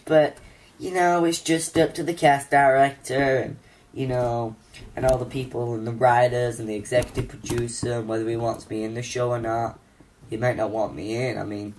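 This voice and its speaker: A young man voicing a chatty, gushing actress in a falsetto in a homemade comedy skit. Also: a little mellow, lightly acted.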